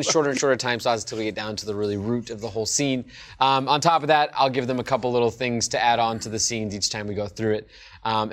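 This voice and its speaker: A man hosting an improv comedy game, explaining rules with an upbeat, laughing manner. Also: medium pitch. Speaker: host.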